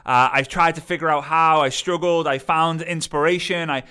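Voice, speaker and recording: A man voicing an ordinary woman telling her success story in a halting, earnest way. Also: low-pitched, fairly even intonation, sharp tone, clear, resonant tone. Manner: halting, earnest testimonial with fillers and restarts.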